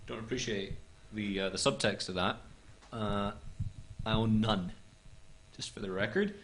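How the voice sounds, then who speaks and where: A man's voice: on the low side, a little slow, fairly bright tone, slight background noise. A man hosting a comedy talk show, reading viewer notes in a dry, mock-formal way.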